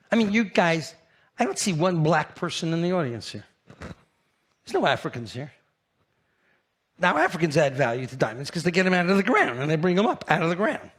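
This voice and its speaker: An older man with a New York accent giving a brash, animated conference keynote, teasing the audience. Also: on the high side, husky. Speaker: keynote speaker.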